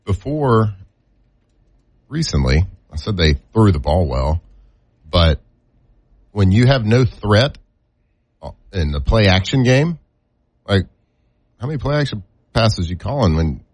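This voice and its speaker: Very deep-voiced man with lively pitch. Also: takes it slowly, pauses often, slightly rough, dry recording. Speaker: football analyst. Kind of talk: casual sports talk.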